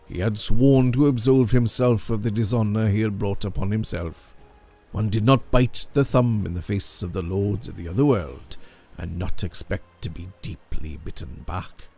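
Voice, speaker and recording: Male storyteller, slow and gravelly, measured dramatic delivery of a legend. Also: on the low side, warm tone. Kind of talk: scripted narration of a legend.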